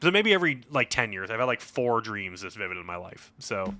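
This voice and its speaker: A man's voice: lowish voice, sing-song, a little fast, bright, forceful tone. A man in his forties, a board game podcast co-host, telling a long story in casual chat, rambling with lots of fillers.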